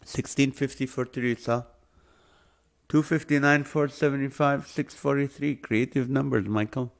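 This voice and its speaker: With a steady, medium-pitched voice, some vocal fry and a moderate pace, this man hosts a live stream. He plays a guessing game with his audience, joking around as he reads out viewers' names and their number guesses.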